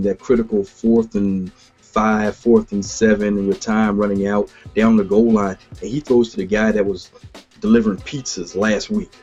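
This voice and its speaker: A man in his thirties co-hosting a casual sports podcast, telling animated stories and laughing often. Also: fairly low pitch, slightly rough. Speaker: podcast co-host. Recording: dull lo-fi podcast audio.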